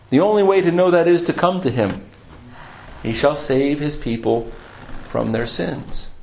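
A man's voice: on the high side, a little mellow, poor audio. A man preaching a sermon, emphatic and full of rhetorical questions.

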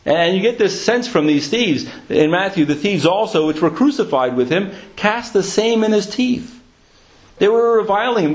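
A male preacher with a somewhat high voice gives an earnest sermon. He leans hard on key phrases and slows down to drive them home. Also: rough recording. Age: adult with a young son. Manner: earnest, emphatic, slows down for stress, quotes scripture.

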